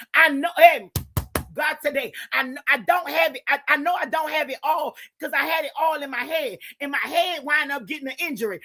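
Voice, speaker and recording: A woman preaching in an impassioned sermon style, fervently repeating exclamations to God and bursting into shouts. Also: sits high. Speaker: Christian preacher and show host.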